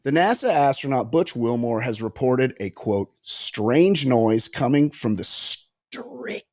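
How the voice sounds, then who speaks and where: A man co-hosting a casual sports podcast, excitable and profane, riffing and joking. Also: mid-range voice, a little slow. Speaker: podcast co-host. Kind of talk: casual chat.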